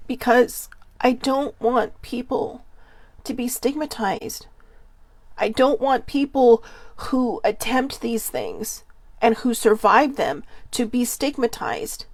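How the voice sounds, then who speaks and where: A woman host speaking earnestly with a Hawaiian accent, emotional and near tears, halting and repeating herself. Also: on the high side, expressive, dry recording. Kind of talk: emotional personal talk.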